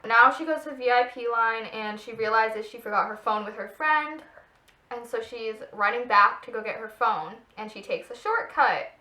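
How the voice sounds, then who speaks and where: A high, bright-voiced young woman reads her old fan fiction out loud and teases her own writing. She keeps breaking into giggles, and her voice rings around an echoey room. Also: normal speed. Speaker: co-host.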